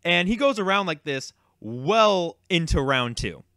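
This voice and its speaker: A man's voice: fairly high pitch, very animated, unhurried, sharp tone, no echo, clean studio sound. A young man casually telling a long, rambling, exasperated story about a card game tournament, with frequent fillers and swearing. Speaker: YouTube card game creator.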